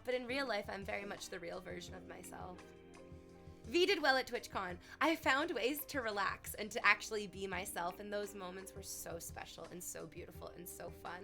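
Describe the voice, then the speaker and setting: A woman streamer with a bright, forceful voice, talking casually and animatedly to her chat. She drops into soft, reflective tones, then bursts out loud, swearing freely. Light music plays faintly behind her. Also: medium pitch, fairly quick, creaky.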